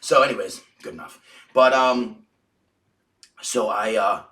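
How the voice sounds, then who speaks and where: A man's voice: on the low side, measured pace, bright, forceful tone. A man telling a long story as a podcast guest, casual and profane, full of restarts and filler words. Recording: roomy, distant mic.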